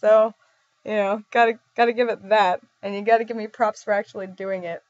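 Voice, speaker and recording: A woman's voice: mid-range voice, fairly even intonation, brisk, no echo. Giggly, rambling young woman vlogger. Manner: rambling, giggly, self-deprecating. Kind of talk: casual chat. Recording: dull dry lo-fi recording.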